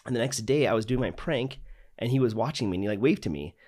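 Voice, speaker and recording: A man's voice: mid-range voice, lively intonation, quick pace, a little mellow. A podcast host, a man, telling stories casually and animatedly, acting out quoted dialogue and filling his speech with "like". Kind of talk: casual storytelling.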